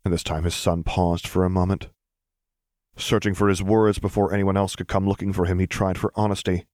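A man narrating fan fiction in an even, measured reading. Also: sits low, no echo, studio quality. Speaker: audiobook narrator.

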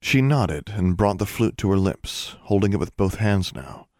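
Deep, steady male audiobook narrator. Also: no echo, clean studio sound. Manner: steady, measured storytelling.

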